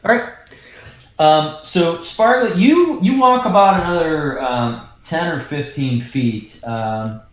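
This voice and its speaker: A man narrating as dungeon master in a tabletop game, halting, with many ums and restarts. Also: fairly high pitch, animated. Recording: roomy echo.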